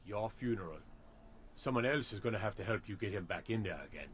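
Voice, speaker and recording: A wary soldier , played by a man, grumbles his doubts quickly, rattling off his words. This is video game dialogue, with faint noise behind it. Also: on the low side, lively intonation, natural voice. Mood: doubtful. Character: wary male soldier guarding a trap.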